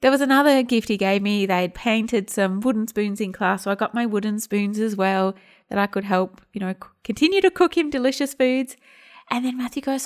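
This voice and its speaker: A woman's voice: mid-range voice, brisk. A woman in her thirties hosting a podcast, telling a family story in a casual, chatty way and acting out the dialogue. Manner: chatty, acts out quoted dialogue. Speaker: podcast host and home detox teacher.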